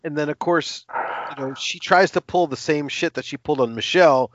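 A man's voice: fairly high pitch, brisk, dry recording. Laid-back man co-hosting a film chat. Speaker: podcast co-host. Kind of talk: casual film podcast chat. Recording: dull dry lo-fi audio.

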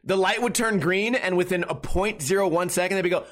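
High-pitched guy in his 30s, sarcastic rambling rant, swears a lot, podcast host. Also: fairly quick, fairly bright tone. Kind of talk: casual ranting monologue.

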